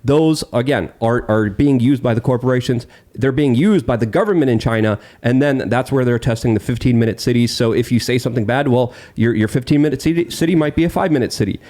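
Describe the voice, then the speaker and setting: A man's voice: mid-range voice, quick pace, a little mellow. A man speaking as a podcast guest, talking intensely and insistently with stumbling restarts. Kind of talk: heated political talk.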